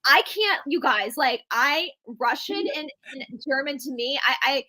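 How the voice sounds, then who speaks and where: Southern US woman, guest historian; opinionated and chatty, fairly high and bright. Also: expressive, a little slow. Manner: opinionated, chatty, restarts often. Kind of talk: casual livestream chat.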